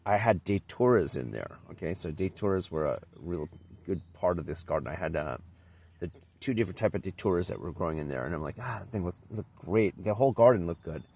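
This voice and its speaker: A man's voice: deep voice, lively intonation, fast, darkish tone. A man telling a personal anecdote in a casual, rambling way, often restarting and trailing off. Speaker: vlogger.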